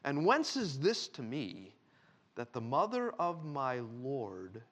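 Lively, animated male preacher. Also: mid-range voice. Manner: animated preaching, reads scripture slowly and loudly. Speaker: pastor. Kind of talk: sermon.

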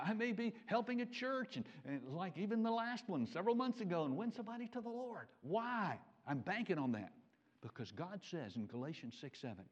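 Animated preacher man, dull lo-fi sound. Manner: animated, swings from loud emphatic peaks to low quiet asides. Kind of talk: sermon. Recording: dull lo-fi recording.

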